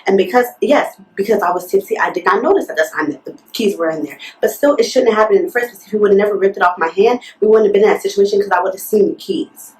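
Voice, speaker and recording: A young woman vlogger does a storytime retelling, fast and with few pauses, sounding fired-up and indignant and saying "like" constantly. Her voice is medium in pitch with a darkish tone. The mic sits at a distance, picking up a roomy echo.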